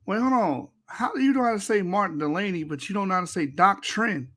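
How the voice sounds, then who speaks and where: A man's voice: high voice, animated, a little fast, a bit bright. A man commentating on a debate clip in a casual, mocking way, laughing often and swearing. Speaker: reaction commentator.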